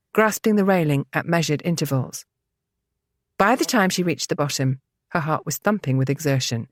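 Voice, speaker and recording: A woman narrating a historical romance novel in a steady, dramatic storytelling manner. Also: on the low side, no room sound, studio quality. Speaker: audiobook narrator. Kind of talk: scripted narration.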